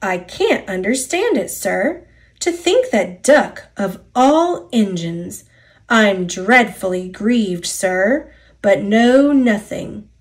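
A woman's voice: medium pitch, animated, slow pace. Diesel, a woman doing a sly engine. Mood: falsely grieved. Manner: wheedling, false sympathy. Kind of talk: storybook read-aloud.

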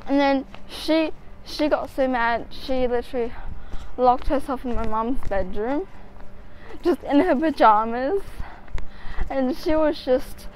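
A woman's voice: high-pitched, slow, darkish tone, poor audio. A teenage girl, telling a rambling, swear-laden story to camera. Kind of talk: casual storytelling vlog.

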